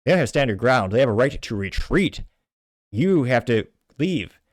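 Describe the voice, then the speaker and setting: A man's voice: medium pitch, big pitch swings, moderate pace, dry recording, clean studio sound. A man from Texas, ranting through indignant political commentary as host.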